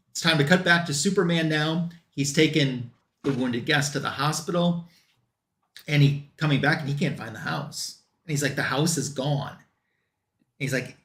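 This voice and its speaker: A man's voice: medium pitch, a bit bright, reverberant. A man recapping a comic book story in a loose, run-on way, quoting the characters as he goes.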